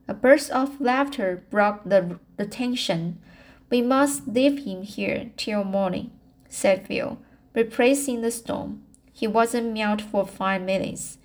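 A woman reading a novel aloud as an amateur, stumbling and restarting words often and raising her voice for characters' lines. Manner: halting, with frequent restarts and stumbles over words; lifts pitch and volume for characters' quoted lines. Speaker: audiobook reader.

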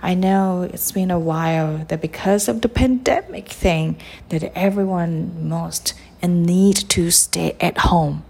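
A woman hosting a podcast, reading a children's picture book aloud in a slow, expressive way. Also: lowish voice, creaky, husky. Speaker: podcast host and storybook reader.

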